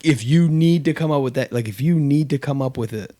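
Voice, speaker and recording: A man's voice: medium pitch, a little fast, mellow. A man hosting a casual podcast chat, telling a story with lots of fillers and restarts. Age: adult with kids. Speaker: podcast host.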